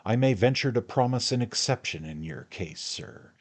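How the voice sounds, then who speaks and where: A man voicing a grave, pompous gentleman host who speaks in an effusive, flattering way. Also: mid-range voice, moderate pace, voice pushed up, lightly acted. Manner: effusive, formal, fawning.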